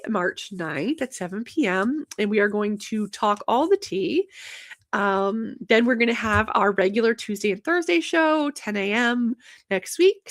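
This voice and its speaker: A young woman hosting a casual livestream show, talking fast and energetically with many fillers. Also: mid-range voice. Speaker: host of a banking livestream show.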